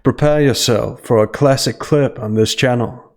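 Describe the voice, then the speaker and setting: A man's voice: mid-range voice, normal speed, darkish tone, soft background music. Dry, sarcastic male commentator. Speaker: commentary channel host. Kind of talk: scripted analytical voice-over.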